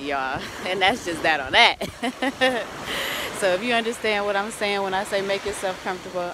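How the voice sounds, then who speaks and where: A woman's voice: on the low side, background noise. A woman giving casual motivational advice on her vlog, chatty and laughing often as she talks to her viewers. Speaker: vlogger.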